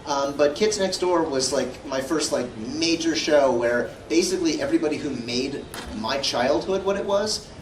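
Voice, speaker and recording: Chatty animated man in an echoey hall. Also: a little high, normal speed. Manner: rambling and animated, with lots of filler words. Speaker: voice actor guest at a convention panel. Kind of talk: casual Q&A storytelling. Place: large convention hall. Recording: echoey hall from far off with hum.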